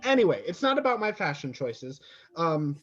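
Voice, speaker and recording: A man's voice: a little high, big pitch swings, moderate pace, fairly bright tone, soft background music. Hesitant male player, dull lo-fi audio. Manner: hesitant, full of restarts. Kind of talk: tabletop game play.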